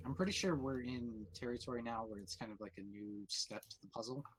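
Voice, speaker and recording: A man's voice: medium pitch, a little fast. Matter-of-fact man with noise behind. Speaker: player. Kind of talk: casual tabletop game chat.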